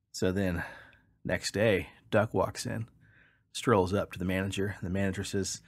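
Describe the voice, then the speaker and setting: A man co-hosting a podcast in casual chat, an animated storyteller who laughs often. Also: deep voice, brisk. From Kansas. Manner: animated joke-teller, laughs a lot. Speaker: podcast co-host.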